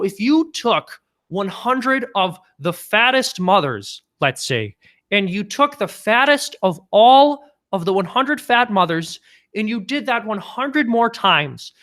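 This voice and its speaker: A man doing an impression of a male psychology professor, lecturing in a slow, drawn-out, earnest way. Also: sits high, pushed and bright, pitched above the performer's own voice, exaggerated voice.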